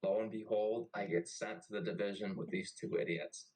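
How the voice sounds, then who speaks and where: A man's voice: lowish voice, brisk, low-quality recording. A young man who served in the navy, telling a story in casual, profane chat. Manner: profane and animated. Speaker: podcast host and navy veteran.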